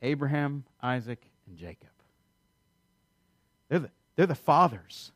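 A man's voice: mid-range voice, expressive, measured pace, pauses often. A man preaching a sermon, reading scripture and acting out quoted voices with sarcasm. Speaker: pastor.

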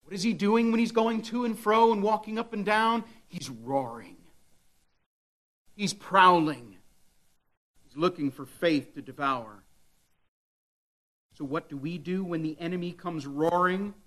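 A man's voice: high voice, unhurried, pauses often, fairly bright tone. A man preaching a sermon with dramatic delivery, at times voicing the devil's taunts. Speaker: pastor.

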